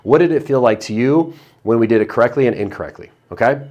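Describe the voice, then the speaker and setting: A man teaching hypnosis in a video lesson, chatty between guided breathing cues, then slowing into a low, drawn-out voice for suggestions. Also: lively intonation, a little mellow, highs cut off. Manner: drops into slow low trance voice for suggestions; conversational, upbeat between demonstrations.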